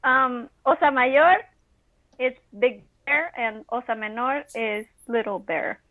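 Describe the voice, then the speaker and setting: A woman's voice: fairly high pitch, measured pace, dry recording, narrow, tinny audio. A woman chatting casually as a podcast co-host, giggling often. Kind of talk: casual chat.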